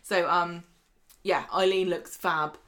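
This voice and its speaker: A woman's voice: lowish voice, steady tone, slow pace, fairly bright tone. A woman co-hosting a podcast, recapping a soap in casual chat and laughing often. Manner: chatty, laughs often, acts out characters' lines. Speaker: podcast co-host.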